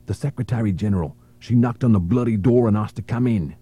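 A man's voice: fairly low pitch, fast talker, mellow, breathy edge, voice pushed up. A man voicing a defiant male gunman who insists, in a defensive tone, that he was right.

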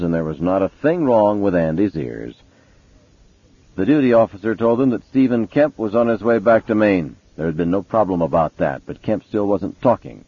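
A man narrating a novel in a measured, dramatic storytelling manner. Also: low-pitched, husky, no echo. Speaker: audiobook narrator. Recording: tinny phone-like sound, dry.

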